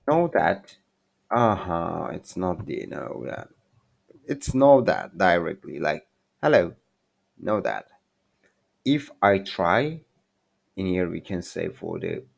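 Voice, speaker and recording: Slow, gravelly low-voiced man teaching. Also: sing-song. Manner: halting, self-correcting, apologetic non-native English. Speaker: language teacher. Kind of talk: informal screen-share language lesson.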